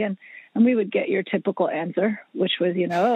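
A woman's voice: mid-range voice, lively intonation, fairly quick, dry recording. A woman guest on a podcast, telling long stories about her family's music in a chatty way, with many fillers and restarts. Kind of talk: casual interview storytelling. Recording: husky, dry, phone-like line.

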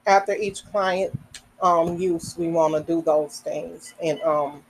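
A woman hosting a podcast, reading health information aloud slowly, with casual asides, fillers and the odd self-correction. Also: fairly low pitch, steady tone, slight background noise, rough recording. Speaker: podcast host.

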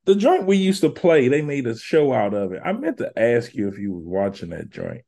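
A man hosts a podcast, chatting casually in a relaxed, slangy, wandering way. His voice is medium in pitch and dark in tone, very animated, at a moderate pace.

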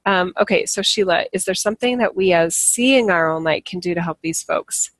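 Woman on a livestream, kinda gravelly voice, rambly, keeps restarting, dry close sound. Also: lowish voice, moderate pace, no echo. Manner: rambling, self-correcting, laughs at herself. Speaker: livestream host. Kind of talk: casual spiritual talk to live viewers.

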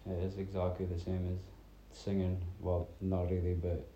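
A man in his thirties from north-east Scotland rambles through a chatty solo podcast, dropping his T sounds. His voice is low, dark and mellow, and it stays fairly level in pitch. The sound carries an echoey room around it. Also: monotone, normal speed, highs cut off, a little hiss or hum. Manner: rambling, chatty storytelling with many fillers. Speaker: podcast host. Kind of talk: casual solo podcast chat.

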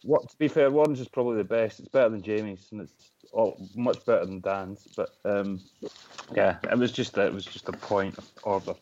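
A Scottish man with a fairly low voice chats easily as a guest, joking at his own expense and stumbling through restarts. The sound is a little muffled and lo-fi. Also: fairly quick, a little mellow, a little hiss or hum. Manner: chatty, self-deprecating, many restarts. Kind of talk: casual chat.

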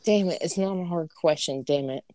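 A woman's voice: fairly low pitch, fairly quick, mellow, no room sound, clean studio sound. A woman co-hosting a horror podcast, telling stories in a brash, profane, laughing way. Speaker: podcast co-host. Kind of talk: casual chat.

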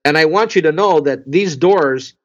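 A man co-hosting a casual religious podcast, telling stories with lively acted-out reactions and explaining scripture. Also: a little high, normal speed, highs cut off. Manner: animated storyteller, acts out his own surprise. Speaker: podcast co-host.

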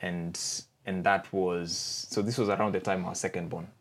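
Man, 40s, lowish voice, reflective guest, halting delivery. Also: level tone. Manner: reflective, halting, often checks in with "right?". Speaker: podcast guest. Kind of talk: candid personal storytelling.

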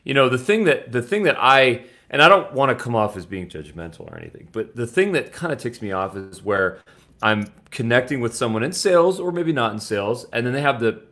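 Relaxed, reflective male podcast host. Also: mid-range voice, brisk. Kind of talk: podcast interview.

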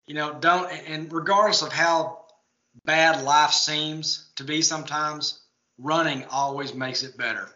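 A man's voice: a little high, steady tone, a little slow, pushed and bright, roomy sound, dull audio. A man from Texas, a guest in a casual interview, talking in an earnest, motivational way over a remote line. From Texas, United States.

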